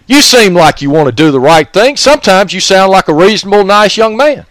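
A man's voice: high voice, animated, brisk, fairly bright tone, no room sound, voice pushed up. A man putting on a prim, fussy scolding lady. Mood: mock-sweet chiding. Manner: mock-sweet, chiding.

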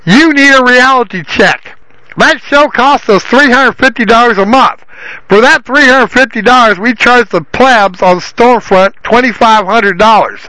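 A man voicing a decrepit but loud old father who scolds his son. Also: very high voice, dry recording, voice pushed up, heavily acted, rough recording. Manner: bellowing, scolding.

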